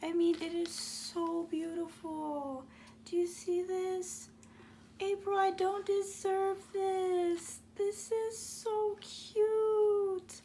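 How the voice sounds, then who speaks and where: A high-voiced woman talks her viewers through a craft mail unboxing in an unhurried way. She gushes over every item and squeals with delight. A faint hum runs behind her. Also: little pitch movement, warm tone. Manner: gushing, squealing and gasping with delight. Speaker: craft vlogger. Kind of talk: excited unboxing vlog.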